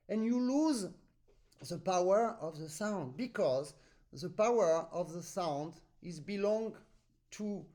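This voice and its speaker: A French-accented man with a high voice gives an accordion master class over a video call. He is patient, explains with vivid everyday comparisons and sings out the rhythms he wants. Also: a little mellow. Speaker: accordion teacher.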